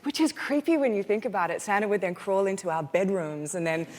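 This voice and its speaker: A woman's voice: mid-range voice, lively intonation, a little fast, darkish tone. Easygoing Australian woman on a talk show. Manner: easygoing, laughs often, self-deprecating. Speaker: guest actress. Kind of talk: talk show interview chat. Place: television studio.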